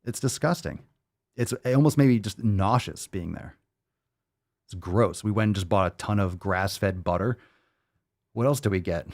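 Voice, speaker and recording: A man's voice: fairly low pitch, moderate pace, pauses often, a little mellow. A male podcast host ranting bluntly and profanely in a monologue.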